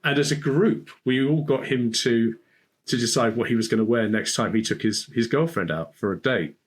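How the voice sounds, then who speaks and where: A man with an ordinary mid-pitched voice sits as a guest on a podcast. He tells his stories with plenty of energy and laughs easily along the way. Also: moderate pace. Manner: animated, laughs often while telling stories. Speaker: podcast guest, speaking coach. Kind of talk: storytelling in conversation.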